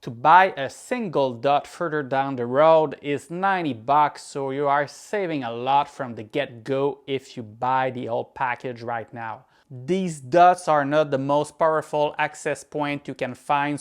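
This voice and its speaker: A man from Quebec whose first language is French, speaking English with a Quebec French accent as he gives a scripted tech product review in a measured, explanatory way. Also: medium pitch, clean tone. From Quebec, Canada.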